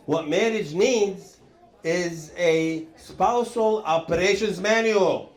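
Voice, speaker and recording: Man in his 60s, high rambling voice. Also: slow. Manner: rambling, animated, jumps up high for acted quotes. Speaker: comedian host. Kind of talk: stand-up comedy storytelling. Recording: roomy echo.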